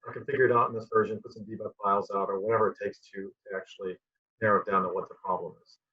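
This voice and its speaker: A man's voice: lowish voice, steady tone, rapid-fire, breathy edge. A man being interviewed as a guest who rambles and often repeats his words. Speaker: guest, QA director. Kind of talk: conversational interview. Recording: dull lo-fi sound.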